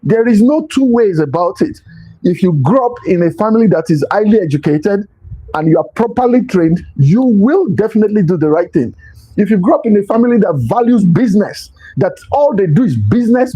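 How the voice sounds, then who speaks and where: A man's voice: high-pitched, very animated, a little fast, mellow, slightly rough, poor audio. A man giving a motivational talk as host, stressing points by repeating them. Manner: emphatic, repeats key phrases.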